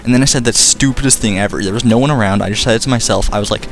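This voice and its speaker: A man's voice: on the low side, steady tone, very fast, few pauses, faint music behind. A young man commenting on a game casually, rambling, joking and swearing. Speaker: let's player.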